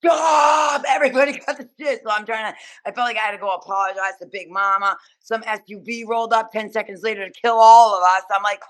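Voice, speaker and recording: A woman, a podcast guest telling stories in an animated, profane, rapid-fire way. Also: mid-range voice, clear, resonant tone. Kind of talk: casual storytelling interview.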